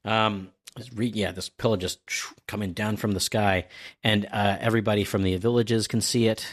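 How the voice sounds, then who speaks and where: A man's voice: lowish voice, fairly even intonation, normal speed. A man casually recapping a comic chapter on a podcast, rambling with fillers and cracking self-deprecating jokes.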